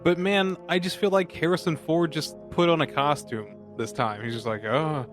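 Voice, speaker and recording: A man's voice: fairly high pitch, animated, normal speed, music in the background. A man co-hosting a casual movie podcast, sarcastic and jokey, swearing freely. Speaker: podcast co-host. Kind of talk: casual movie review chat.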